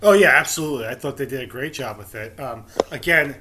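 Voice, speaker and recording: A man's voice: medium pitch, fast talker, noisy background. A man in a casual movie chat, talking hesitantly with ums and self-corrections. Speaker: podcast co-host.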